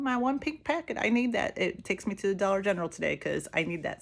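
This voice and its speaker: A woman's voice: fairly low pitch, creaky. Middle-aged woman, casual talker, coaches her sales team while she gets ready, acts out the people in her anecdotes. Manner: chatty storytelling, acts out quoted voices. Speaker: direct sales team leader. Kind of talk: casual vlog advice while doing makeup.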